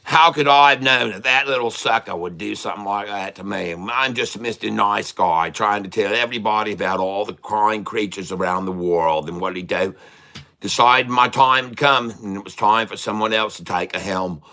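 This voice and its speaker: A man voicing a brash, excitable old Australian wildlife expert with a put-on Australian accent, rambling and laughing often. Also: on the low side, normal speed. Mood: boisterous. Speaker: day-trading streamer.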